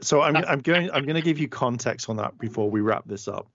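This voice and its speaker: A man's voice: mid-range voice, animated, brisk, a bit bright, dry recording. Man, casual podcast chat, rambling storyteller, swears a lot, dry dull audio. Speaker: podcast co-host.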